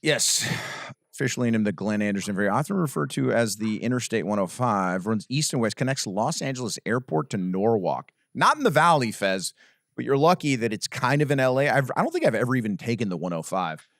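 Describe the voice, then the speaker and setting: A man hosting a casual podcast roast, teasing a guest with lively, repetitive banter. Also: medium pitch, a little fast, dry recording, clean studio sound. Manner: lively, teasing, laughs a lot, repeats himself. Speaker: podcast host.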